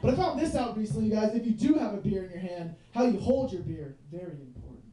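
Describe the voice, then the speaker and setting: A stand-up comedian in his twenties runs a loose, rambling set on a bar stage before a live audience, leaning heavily on "like" and "you know what I mean." His voice is high-pitched and dark-toned, fast and lively in intonation. The roomy bar is recorded from a distance.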